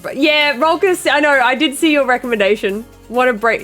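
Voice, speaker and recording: A woman's voice: high-pitched, brisk, a bit bright, faint music behind. A woman streamer joking and chatting casually with her viewers. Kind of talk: casual live-stream chat.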